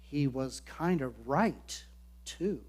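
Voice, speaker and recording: Very slow and animated, a man with a mid-range, slightly breathy voice delivers an earnest sermon. He's a pastor who acts out quoted lines, shifting into other voices to explain the text.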